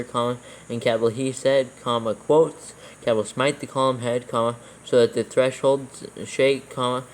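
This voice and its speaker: A man's voice: mid-range voice, a little hiss or hum, low-quality recording. A man reading scripture aloud in a casual proofreading session, calling out commas and capitals as he goes. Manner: reads verses aloud in a level, even tone, calling out punctuation.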